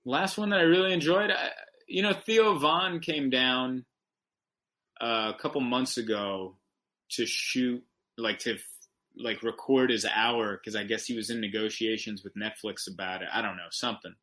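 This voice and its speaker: A man, a stand-up comedian, telling rambling, animated anecdotes as a guest on a podcast. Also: mid-range voice, normal speed, low-quality recording. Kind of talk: casual podcast storytelling.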